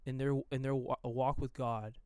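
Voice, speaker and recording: A man's voice: medium pitch, level tone, moderate pace, darkish tone, clean tone, no echo. A man co-hosting a casual faith podcast, chiming in eagerly and affirming his partner.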